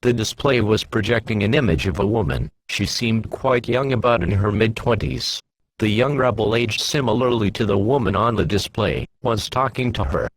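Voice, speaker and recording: A man narrating his own science-fiction fan story aloud in a plain, steady reading voice. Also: on the low side, normal speed, low-quality recording.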